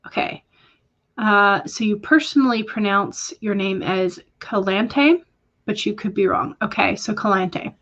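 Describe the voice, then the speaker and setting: A woman hosting a relaxed writing stream reads her viewers' comments aloud and chats back, pausing often with small fillers. Her pitch sits in the middle, and the sound is slightly dull, like a home streaming setup. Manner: hesitant, with frequent fillers. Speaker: livestream host reading chat. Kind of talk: casual livestream chat.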